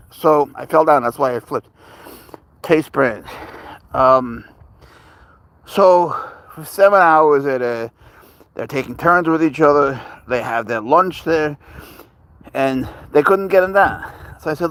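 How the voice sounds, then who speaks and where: A man's voice: fairly high pitch, moderate pace, pauses often, a bit bright, poor audio. An older man hosting a casual livestream, rambling and chatty as he reads out and answers viewer comments. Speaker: livestreamer with a pet cat.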